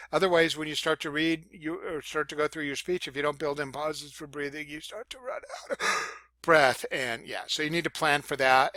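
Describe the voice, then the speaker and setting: A man teaching public speaking in a casual lecture, with fillers and self-corrections, demonstrating loud, soft, high and low voices as he explains. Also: no echo. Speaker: college speech instructor. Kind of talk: recorded lecture.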